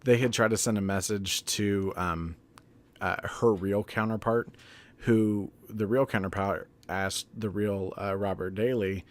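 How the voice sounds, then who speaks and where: Laid-back, low-voiced man chatting casually. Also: fairly even intonation, a little slow. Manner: loose and chatty, laughs often, swears freely. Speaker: TV episode reviewer. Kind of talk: casual spoken review recap.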